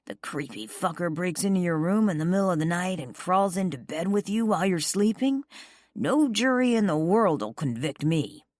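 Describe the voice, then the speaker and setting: A woman's voice: fairly low pitch, expressive, normal speed, darkish tone, dry recording, studio quality, voice pushed up, close to an everyday voice. Woman voicing a hot-headed protective young man. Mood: angry. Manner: angry and threatening.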